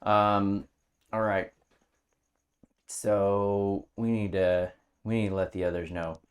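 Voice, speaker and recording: A man playing a tabletop game, talking in halting starts and restarts and breaking into loud laughter. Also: fairly low pitch, little pitch movement. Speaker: player. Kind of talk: casual tabletop game chat.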